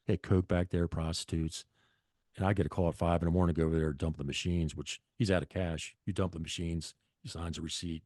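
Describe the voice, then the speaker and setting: Middle-aged male guest, low voice, dry close sound, blunt and profane storyteller. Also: flat delivery, fairly quick, a little mellow, dry recording. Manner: blunt, profane, rambling with restarts. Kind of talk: casual storytelling.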